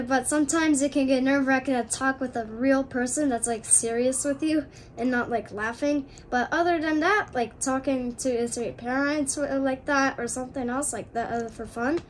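A woman's voice: high voice, a little hiss or hum. A woman chatting casually as host, hesitant and full of "like" and "kind of". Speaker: video host. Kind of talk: casual chat.

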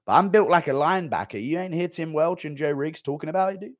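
A man's voice: fairly high pitch, expressive, dry recording, studio quality. A man chatting casually on a live stream, laughing and reading donations between bits. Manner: laughing, chatty, quick asides.

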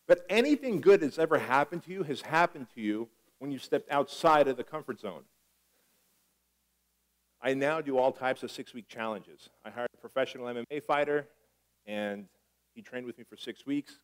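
Animated, swearing motivational speaker, man. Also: fairly high pitch, rough recording. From Armenia. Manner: animated storytelling, swears, acts out dialogue. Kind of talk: live motivational talk.

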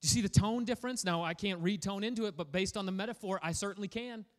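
A pastor preaching a sermon in an energetic, playful way, prodding the congregation to respond. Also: male voice, high-pitched, fast. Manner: energetic, playful, prods the audience for feedback.

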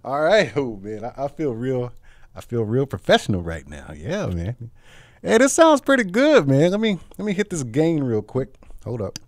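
A man's voice: medium pitch, very animated, normal speed, darkish tone. A man giving a casual, laid-back product review, who jokes with viewers and calls them y'all and man. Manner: says man and y'all a lot. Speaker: tech reviewer.

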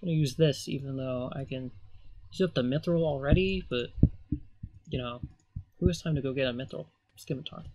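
A man's voice: medium pitch, fairly quick, long pauses, darkish tone, a little hiss or hum. A man giving casual gameplay commentary as a let's player, rambling with sarcastic asides.

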